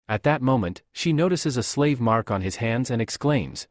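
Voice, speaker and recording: Male recap narrator, lively pitch, dry close-miked sound. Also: moderate pace, hardly any pauses, no echo. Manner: steady storytelling. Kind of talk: scripted comic recap narration.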